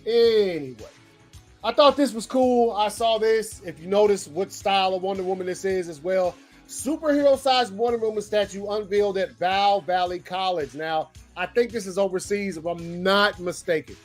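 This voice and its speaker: A man hosting a show and giving casual commentary on movie news, animated, slangy and often profane as he thinks aloud. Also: sits high, moderate pace, soft background music. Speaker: pop-culture show host.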